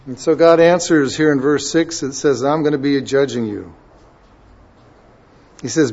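A man preaching a sermon, moving from quiet, conversational asides to loud, emphatic readings of scripture. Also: mid-range voice, a little slow, pauses often. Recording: dull lo-fi sound.

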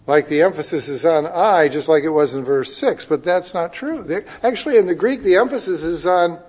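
A man preaching a sermon, reading scripture and explaining it with emphatic swings between loud declarations and hushed asides. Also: fairly high pitch, fairly quick, few pauses, slightly rough.

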